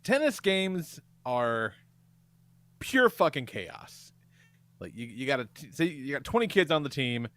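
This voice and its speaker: Man, 40s, podcast co-host; bright, lively delivery, swears freely, dry close mic. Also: medium pitch, unhurried, no echo. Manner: profane, animated storytelling. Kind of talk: casual podcast chat.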